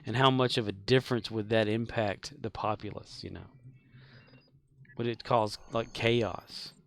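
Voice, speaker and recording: A man with a lowish, creaky voice chats casually on a live game stream, speaking a little slowly in a steady tone. He rambles, leans on lots of fillers, and laughs at his own jokes while gaming.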